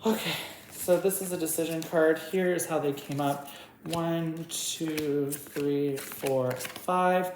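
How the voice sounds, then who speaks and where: Woman tarot reader, deep voice, chatty and giggly, faint hiss in an echoey room. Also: steady tone, slow pace, a little mellow. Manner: chatty, giggly, talks to her cards. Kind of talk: casual tarot reading.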